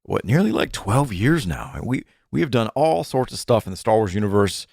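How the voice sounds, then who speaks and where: Playful low-voiced man co-hosting a podcast. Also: big pitch swings, a little fast, creaky, darkish tone, no echo, clean studio sound. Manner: playful, jokey, rambling with fillers. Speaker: podcast co-host. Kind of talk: casual chat. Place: home studio.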